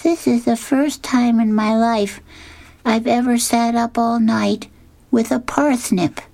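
A woman voicing a young boy who clings to his blanket, in a squealing high voice. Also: steady tone, takes it slowly, creaky, a little mellow. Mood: plaintive.

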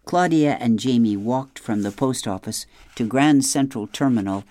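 Woman narrator for an audiobook: low-pitched, unhurried, dry close recording. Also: warm tone, no room sound. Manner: measured, unhurried.

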